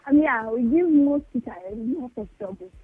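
A woman with a Nigerian accent calling into a radio show, speaking softly with a giggle. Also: high voice, moderate pace, breathy edge, no room sound. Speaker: caller. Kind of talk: phone-in chat. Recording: tinny phone line.

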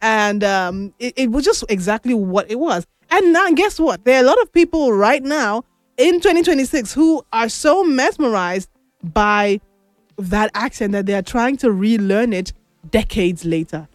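Lady hosting a talk show, kinda high voice, chatty, dry close sound. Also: animated, moderate pace, dry recording, soft background music. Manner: chatty, asks listeners questions. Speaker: host. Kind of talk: casual on-air talk.

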